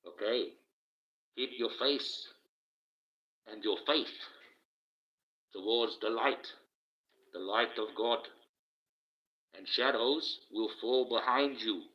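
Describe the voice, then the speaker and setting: A man doing a casual live stream, talking slowly and deliberately through a face mask, with motivational sayings in between. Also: medium pitch. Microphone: cheap phone with the microphone low down. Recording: muffled lo-fi cheap phone mic.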